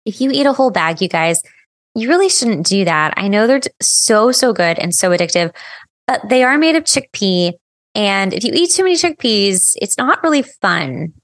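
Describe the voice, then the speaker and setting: A woman's voice: medium pitch, big pitch swings, moderate pace. A woman co-hosting a podcast in casual chat, tired but friendly and easygoing, close on a microphone. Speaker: podcast co-host. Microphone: close studio microphone.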